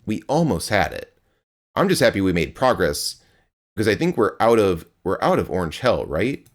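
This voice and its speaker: Chatty young male streamer, lively pitch. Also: normal speed. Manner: chatty, rambling, reads chat aloud, playful grunts. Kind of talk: live game stream chat.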